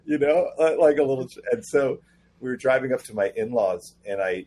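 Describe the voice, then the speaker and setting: A man guest on a casual podcast interview, telling animated stories and acting out quoted dialogue. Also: mid-range voice, fairly quick, slightly rough. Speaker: comic book writer guest.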